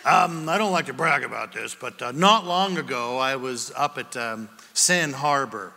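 A man's voice: medium pitch, expressive, normal speed, vocal fry, pushed and bright, big-room sound, a little hiss or hum. A man preaching a sermon as pastor, in a conversational way with wry humor.

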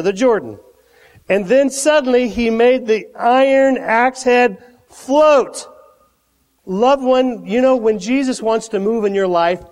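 A male pastor preaching in a high, very lively voice, swinging from hushed asides to loud exclamations. The sermon feels casual and conversational, and the long reverb of a big hall trails behind each phrase. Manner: animated, conversational, dramatic swings in volume. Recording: echoey hall.

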